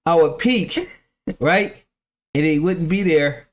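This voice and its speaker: A man's voice: fairly high pitch, takes it slowly. Rambling slangy man telling a story. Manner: rambling, restarts often, slangy, laughs through his story. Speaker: reaction video host. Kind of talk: casual storytelling chat.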